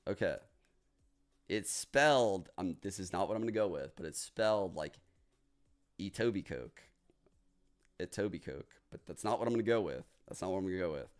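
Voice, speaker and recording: Male streamer from New Orleans, deep and animated, loose joking delivery. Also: brisk, soft background music. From New Orleans, United States. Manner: profane, joking, reacting out loud. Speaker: streamer hosting a watch party. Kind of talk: casual livestream chat.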